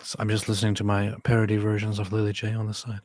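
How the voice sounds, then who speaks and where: A man co-hosting a casual live stream, reading viewer comments aloud with quick asides. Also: fairly low pitch, monotone, a little mellow, no echo, clean studio sound. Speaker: co-host reading chat.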